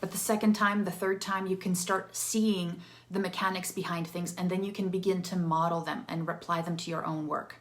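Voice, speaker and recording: A woman coaching viewers on interactive storytelling in a casual, animated teaching talk, often tagging sentences with a rhetorical "right?". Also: fairly low pitch, normal speed.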